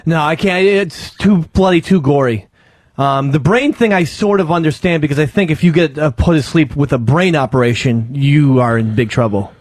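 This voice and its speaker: A man's voice: a little high, normal speed, no echo. A man co-hosting a talk radio show, chatting casually with short, agreeable remarks. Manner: brief, agreeable interjections. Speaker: radio co-host.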